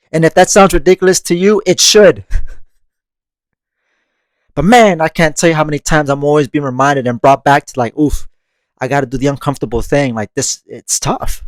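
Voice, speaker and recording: A man's voice: fairly high pitch, no echo. Laughing man musing on spiritual growth. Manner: conversational, laughs often, frequent restarts and casual swearing. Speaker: podcast host. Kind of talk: casual spiritual reflection.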